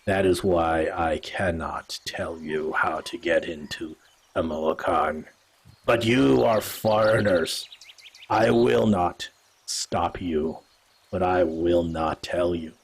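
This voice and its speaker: A man puts on a stern old feline elder woman for a tabletop game, her voice dropped low and husky. She speaks slowly, in clipped, broken phrases, guarded and grave. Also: exaggerated voice. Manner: slow, grave, broken speech. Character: solemn old female cat-folk elder, stern and wary.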